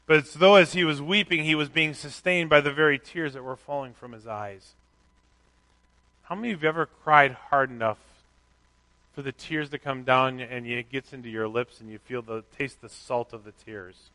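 A middle-aged pastor giving a candid, conversational sermon with self-deprecating asides. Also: male voice, medium pitch, fairly even intonation, normal speed, bright, forceful tone.

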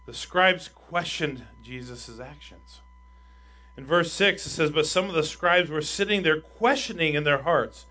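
A male pastor preaches at normal speed in a bright, forceful, slightly high voice. He hammers his points with rhetorical questions to the congregation, getting loud on key lines and dropping quiet on others.

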